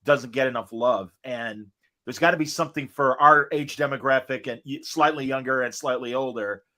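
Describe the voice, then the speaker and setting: A man's voice: mid-range voice, normal speed, bright, forceful tone. Chatty, enthusiastic male interview host. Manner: enthusiastic, chatty, frequent fillers. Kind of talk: casual interview chat.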